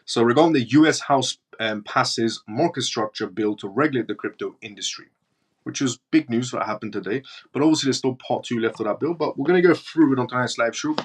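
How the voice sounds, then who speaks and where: A man's voice: medium pitch, a little fast, breathy edge. A man with a British accent hosting a live stream, reading news and viewer comments aloud in a blunt, mocking way. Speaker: crypto livestream host.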